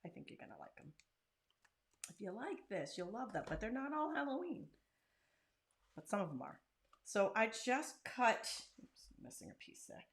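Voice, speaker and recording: A woman's voice: fairly high pitch, sing-song, moderate pace. A woman hosting a casual crafting tutorial, chatting and joking while she works. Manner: chatty and self-deprecating, talks while working. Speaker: craft channel host.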